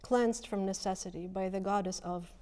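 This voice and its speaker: Woman reading poetry, measured, presses on key words, mid pitch. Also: fairly even intonation, warm tone. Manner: measured, emphatic, lingering on single words. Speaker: poet reading her work.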